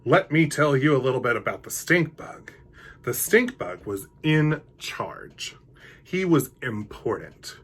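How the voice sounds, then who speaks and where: A man reading a picture book aloud to children in an animated, playful way, with hushed asides. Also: medium pitch, breathy edge. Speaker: drag queen storyteller.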